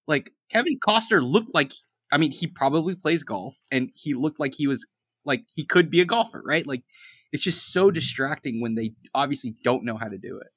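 A man co-hosts a laid-back movie podcast, recounting scenes and doing lines in silly voices while laughing a lot. His mid-range voice moves at a normal speed with a breathy edge, recorded without echo. He's animated throughout, acting out quotes in comic voices.

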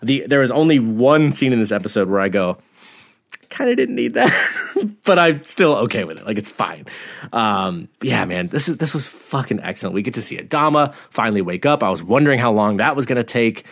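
A man co-hosting a podcast, chatting casually and excitedly about a TV episode, laughing often and swearing freely. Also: fairly low pitch, a little fast. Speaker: podcast co-host. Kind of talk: casual TV rewatch podcast chat.

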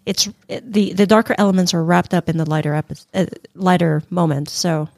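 A woman's voice: fairly low pitch, brisk, creaky, a little mellow, dry recording, studio quality. A woman co-hosting a fan podcast in casual chat, with an easygoing, teasing manner. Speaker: podcast co-host.

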